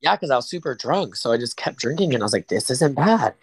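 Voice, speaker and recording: A man co-hosts a casual podcast, wandering through a long anecdote with lots of laughter. His voice sits at an ordinary middle pitch. The recording is close and dry, with no room echo. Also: very animated, racing, husky. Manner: rambling storyteller, laughs a lot. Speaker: podcast co-host.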